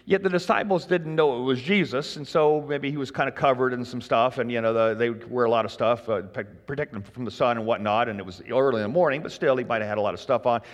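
A man preaching a sermon in a relaxed, folksy way, joking with the congregation. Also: medium pitch, fast talker, few pauses, big-room sound. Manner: folksy, conversational, jokes with the congregation. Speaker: pastor.

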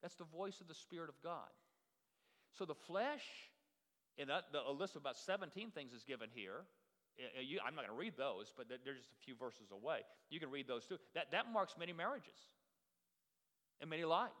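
A man's voice: fairly high pitch, fairly bright tone, big-room sound. A middle-aged man preaching a sermon in a conversational way, full of fillers and restarts. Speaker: pastor.

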